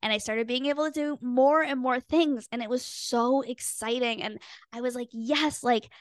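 A young woman hosting a podcast, telling a personal story in an earnest, expressive way and acting out her own past thoughts. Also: fairly high pitch, moderate pace, dry recording, clean studio sound. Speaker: podcast host and weight loss coach.

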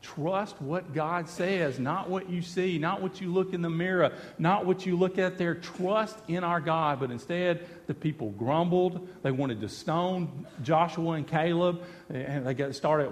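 A man's voice: on the high side, a little slow. Preaching man in a reverberant hall. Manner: preaching with emphatic repetition, voicing God and the people. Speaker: pastor. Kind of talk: sermon.

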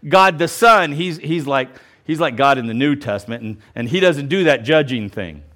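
Lively, animated male pastor teaching. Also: medium pitch, moderate pace. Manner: animated, emphatic, explains and repeats points; casual asides and self-restarts. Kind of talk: verse-by-verse Bible teaching sermon.

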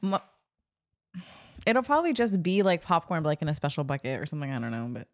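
A woman's voice: low-pitched, big pitch swings, a little fast. Giggly woman co-hosting a chatty podcast. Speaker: podcast co-host. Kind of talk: casual chat.

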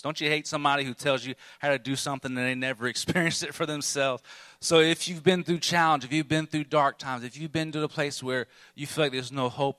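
A man's voice: medium pitch, sharp tone, clear, resonant tone, dry recording. A man preaching a sermon, telling his own struggles candidly with bursts of emphasis. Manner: candid, self-deprecating storytelling with bursts of emphasis.

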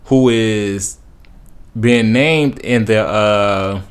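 A man's voice: on the low side, drawn-out words, clean tone. A man giving casual, rambling opinion commentary as a podcast host, with many fillers and restarts.

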